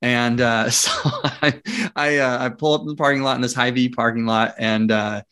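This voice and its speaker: A man at an average pitch, talking as a guest in a relaxed interview. He tells his story with energy, acts out the dialogue, and laughs as he goes. His talk is casual and full of restarts. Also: moderate pace, smooth. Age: adult with young children. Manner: frequent fillers and restarts. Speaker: interview guest, property investor.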